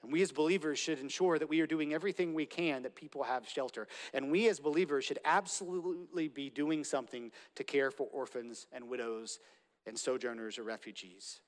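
A man's voice: a little high, a little fast. A man preaching a sermon as pastor, earnest, repeating phrases to build emphasis. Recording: long reverb of a large hall.

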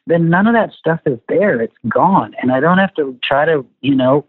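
Animated man on a tinny phone-like line. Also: fairly high pitch, normal speed, hardly any pauses, no room sound. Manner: animated storyteller, acts out family dialogue. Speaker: guest. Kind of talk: conversational interview.

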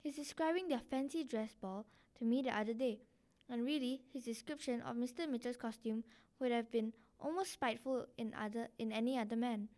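A woman's voice: a little high, a little fast, dark tone, lightly acted. A woman reading aloud as a sensible young wife and mother who answers politely and protests firmly. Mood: protesting.

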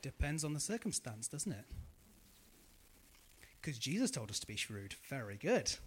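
A male preacher giving a sermon in a high, bright voice that swoops all over as he talks. He keeps putting questions to the congregation and echoing back their answers.

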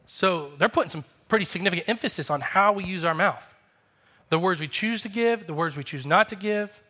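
A man's voice: sits high, a little fast, pushed and bright. A man in his thirties, a pastor, preaching a sermon in an earnest, confessional way and acting out the voices he quotes.

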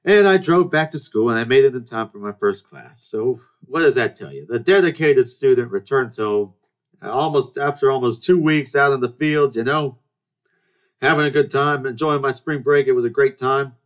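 Speaking at a moderate pace in a mid-range voice, a man in his twenties hosts a podcast. He tells stories casually and meanderingly, with lots of restarts and dialogue he performs himself.

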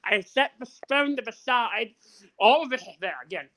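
A man's voice: very high voice, moderate pace, poor audio. A man on a podcast telling a story in casual chat, swearing freely and acting out the people in it. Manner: profane, animated, acts out the people in his stories. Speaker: podcast co-host.

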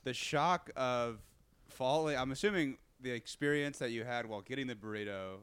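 A man's voice: medium pitch, normal speed, a bit bright, clean tone, dry recording. Teasing young man on a podcast. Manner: teasing, laughing. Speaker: podcast co-host. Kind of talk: casual chat.

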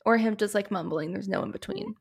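A woman co-hosting a casual podcast chat. She tells stories animatedly, acts out quotes with big pitch jumps, and fills her speech with "like". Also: big pitch swings, a little fast, gravelly, breathy edge. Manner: heavy use of "like" as filler. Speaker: podcast co-host.

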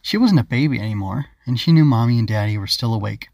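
A man narrating his own children's story as an audiobook, in a calm, even storytelling manner. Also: medium pitch, quick pace, vocal fry, no echo, clean studio sound. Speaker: author and narrator.

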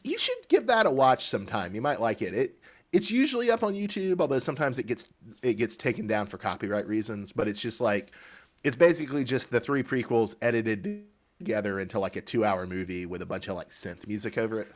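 Animated, teasing male co-host. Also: mid-range voice, fairly quick. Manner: teasing, animated, laughs often. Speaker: podcast co-host. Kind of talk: casual chat.

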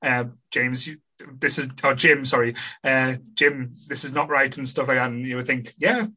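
A man's voice: medium pitch, level tone, moderate pace, bright, forceful tone. A man hosting a casual podcast chat, talking hesitantly with many restarts and filler words. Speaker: podcast host.

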